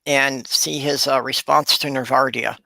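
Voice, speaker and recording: A man's voice: medium pitch, level tone, measured pace, gravelly, bright, forceful tone, no echo, poor audio. A man on a casual online panel, chatty and plugging his own shows. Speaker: panel guest.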